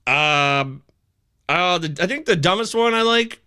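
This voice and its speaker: A man hosting a live fantasy football show, talking in a rambling, animated way and swearing when upset. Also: on the high side, fairly quick. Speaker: host.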